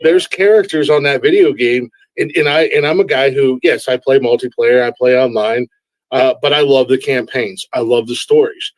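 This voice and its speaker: A man hosting a casual live-stream interview, excitable and stammering through restarts, swearing freely. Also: mid-range voice, moderate pace, no room sound, poor audio. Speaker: host.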